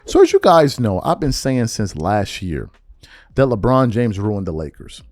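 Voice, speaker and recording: A man's voice: fairly low pitch, huge pitch swings, measured pace, a little mellow, no room sound, faint music behind. A man hosting a sports podcast, ranting heatedly and slangily with mocking impressions of fans. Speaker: podcast host. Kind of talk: heated sports commentary rant.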